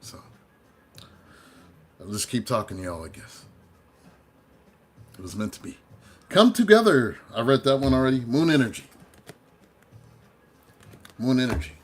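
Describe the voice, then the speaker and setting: A male tarot reader tells his story to viewers in a loose, chatty way and drifts from one thought to the next. His voice sits in an ordinary middle pitch and is picked up by a close camera mic. He sounds relaxed and unscripted. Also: normal speed, long pauses. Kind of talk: casual storytelling monologue.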